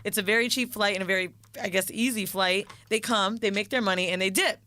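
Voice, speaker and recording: Bright-voiced woman telling a story. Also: medium pitch, fast. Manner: lively storyteller who acts out other people's lines; frank and profane. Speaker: podcast co-host. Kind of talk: casual chat, storytelling.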